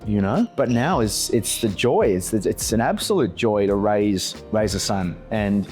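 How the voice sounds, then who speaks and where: A man in his forties talks in a fairly low voice, slow and earnest, often repeating a word while he gathers his thoughts. He sounds like an actor reflecting on his life in a podcast chat. Faint music sits underneath. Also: animated, darkish tone. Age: 40s. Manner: slow, earnest, repeats words when searching. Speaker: actor guest.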